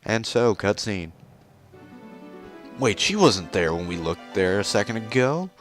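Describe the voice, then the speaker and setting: Low-voiced, sarcastic man commenting on gameplay. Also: very animated, unhurried. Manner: sarcastic, joking. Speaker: let's play host. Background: video game music.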